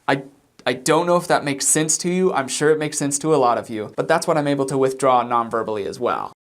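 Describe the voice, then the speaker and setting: A man giving reaction commentary as a body language analyst, explaining things in a measured way. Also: medium pitch.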